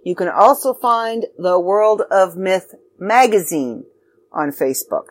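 Woman podcast host, unhurried, rambling and self-deprecating, slightly dry throat. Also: medium pitch, lively intonation, no echo. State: throat drying out. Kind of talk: casual podcast sign-off.

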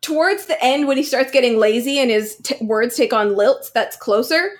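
A woman's voice: high voice, normal speed. A woman podcast co-host in casual chat, blunt and emphatic.

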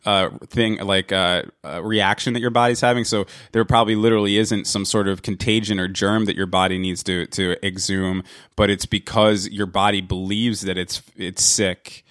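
A man's voice: on the low side, steady tone, moderate pace, fairly bright tone, smooth, no room sound, clean studio sound. A man hosting a casual conversation, often interjecting with curious questions.

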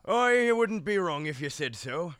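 A man's voice: high voice, sing-song, normal speed, fairly bright tone, clean tone, no room sound, studio quality. A man voicing a rambling, self-important old sea captain with a put-on Scottish brogue, improvising on a comedy podcast. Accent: wobbly put-on Scottish brogue. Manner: pirate-ish "aye" and "yarp" talk, rambling.

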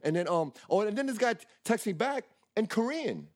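Dude ranting quick on a podcast, kinda high voice, cussing nonstop. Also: male voice, sing-song. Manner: heated, rambling, heavy swearing. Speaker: podcast co-host. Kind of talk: casual chat, storytelling.

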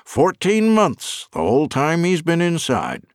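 A man voicing a matter-of-fact male assistant warden in an audiobook, flat and unimpressed. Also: a little high, measured pace, no room sound, studio quality, voice pushed up, full character voice.

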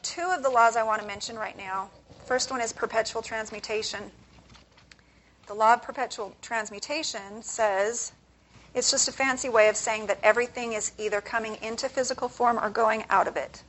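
A woman's voice: on the high side, steady tone, normal speed, fairly bright tone, a little hiss or hum, rough recording. A woman speaking as an author at a conference, giving a conversational motivational talk and posing questions to the audience.

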